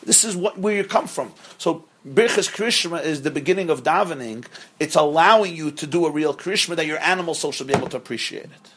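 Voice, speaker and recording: A man's voice: a little high, fast talker, fairly bright tone, slight background noise. A middle-aged man, a rabbi, giving a Torah lecture to a live group, speaking emphatically, repeating key words and acting out quoted voices. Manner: acts out quoted voices while teaching. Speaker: rabbi teaching a class.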